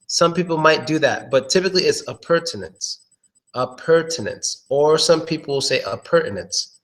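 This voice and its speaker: A man teaching English pronunciation on a live stream, relaxed and thinking aloud, slowly repeating each word. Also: fairly high pitch.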